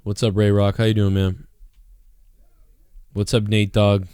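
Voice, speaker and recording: Man with a low, smooth, dry voice, rambling. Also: monotone, measured pace, dark tone, no room sound. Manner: rambling, laughs often, repeats himself. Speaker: host of a live call-in show. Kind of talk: casual live-stream chat.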